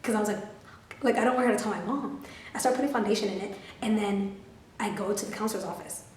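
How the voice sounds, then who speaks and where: A woman in her twenties telling a storytime to her camera, animated, profane and full of "like" fillers. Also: medium pitch, fast, far from the mic, slight background noise. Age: 20s. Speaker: vlogger. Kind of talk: storytime vlog. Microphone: camera filming herself. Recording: roomy, mic set back.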